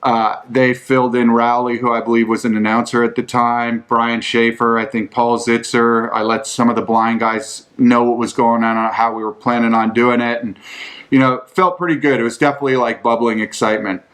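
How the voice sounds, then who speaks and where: A man's voice: medium pitch, flat delivery, normal speed, fairly bright tone. A man hosting a podcast, answering listener questions with casual, rambling storytelling, swearing often and filling his talk with "like". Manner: profane, rambling, full of "like".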